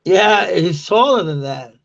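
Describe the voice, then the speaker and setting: A man in his forties, a non-native English speaker whose first language is Danish, chatting casually on a live stream, laughing and swearing a lot, and mocking slang in loud, high quotes. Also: lively intonation, a little slow, vocal fry. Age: 40s. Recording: dull lo-fi stream audio.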